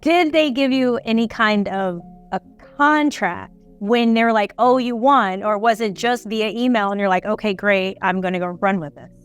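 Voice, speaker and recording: Clear-voiced woman host asking questions. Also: mid-range voice, normal speed, few pauses, soft background music. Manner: brief, probing follow-up questions. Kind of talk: interviewing.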